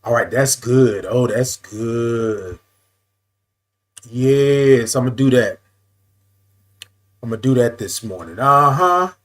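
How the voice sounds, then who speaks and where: Hosting a relaxed morning live stream, a man sings drawn-out greetings to viewers by name, using "y'all" a lot. He repeats phrases and shifts his camera throughout. His mid-range voice is animated and a bit bright.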